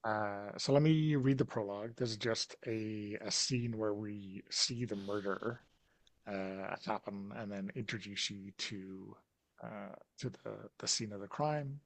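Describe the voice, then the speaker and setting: A man running a tabletop horror game as game master, reading the scene aloud in slow, even narration. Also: on the low side, no room sound.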